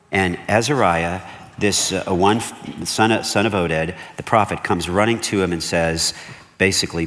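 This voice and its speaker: A male pastor preaching a sermon, animated and conversational, with emphatic repeated warnings and frequent checks like "okay?" to the congregation. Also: low voice. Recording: long hall reverb.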